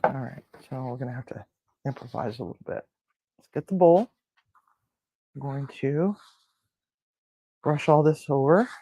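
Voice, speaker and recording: A man's voice: mid-range voice, animated, normal speed, pauses often, mellow, rough recording. A man hosting a casual cooking demonstration in a kitchen, rambling with crude jokes and lots of fillers. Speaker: cooking show host. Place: home kitchen.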